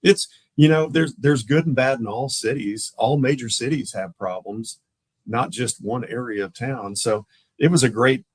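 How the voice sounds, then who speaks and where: A man tells police stories in a casual interview. He lively jumps into the voices of the people in each anecdote. His voice sits in a middle register and sounds close and dry, with no room around it. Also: mid-range voice, normal speed, husky, no room sound, poor audio. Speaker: police lieutenant guest. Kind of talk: casual storytelling in a podcast interview.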